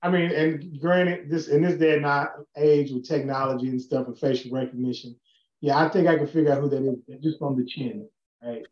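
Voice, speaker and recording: A man with a very high voice joking bluntly and swearing freely in casual podcast chat. The sound is echoey and dull, like a lo-fi recording in a bare room. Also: steady tone, fairly quick, darkish tone. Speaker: podcast co-host.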